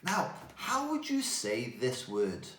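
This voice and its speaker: A man giving a playful, animated talk to children. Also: medium pitch, takes it slowly, roomy sound. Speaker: children's speaker.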